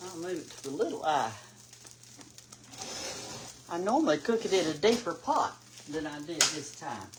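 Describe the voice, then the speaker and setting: A woman's voice: on the low side, background noise. An older woman with a Southern US accent, chatting folksily while cooking in her kitchen as host of a cooking show. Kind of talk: casual cooking chat. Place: home kitchen.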